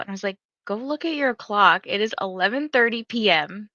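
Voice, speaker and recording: Young woman stream host, bright forceful voice, chatty, filler-heavy, dry slightly dull mic. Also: mid-range voice, normal speed, dry recording. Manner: chatty storytelling, many "like" fillers, laughs often. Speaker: livestream host of reading sprints. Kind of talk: casual chat to livestream viewers.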